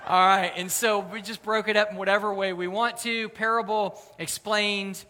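A man preaching a sermon in a relaxed, conversational way, with lively emphasis. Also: sits high, normal speed, a little hiss or hum. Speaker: pastor. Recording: long hall reverb.

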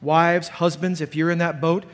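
At normal speed, a male pastor with a high-pitched voice for a man preaches a sermon at a conference. His delivery is animated, sharpening and growing loud as he plays the people he quotes, with a long reverb echoing each phrase across the large hall.

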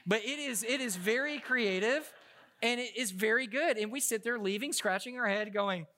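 A male pastor delivers a sermon with a high-pitched voice and a bright, forceful tone. His talk is conversational and full of jokes, and he often stumbles and restarts mid-sentence as he tells stories. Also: normal speed. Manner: humorous, conversational storytelling with frequent restarts.

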